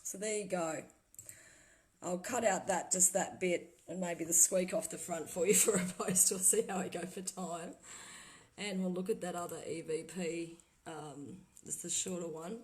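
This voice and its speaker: A woman vlogger in casual livestream chat who talks excitedly, trails off and laughs often. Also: lowish voice, normal speed, rough recording. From Australia. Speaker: vlogger playing spirit recordings.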